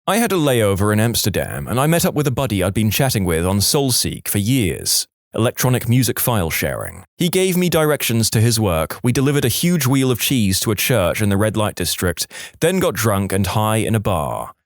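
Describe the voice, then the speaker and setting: Narrating listener stories from a script, this man speaks briskly in a voice on the low side. His tone is lively with lots of pitch movement, and the close-miked recording is dry with no room echo.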